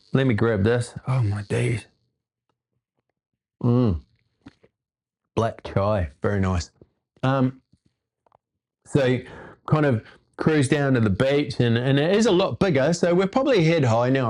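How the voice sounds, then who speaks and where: A man's voice: mid-range voice, sing-song, unhurried, pauses often, a little mellow. A man hosting his own show, telling a personal story in a casual, rambling way with laid-back surfer slang. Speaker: host.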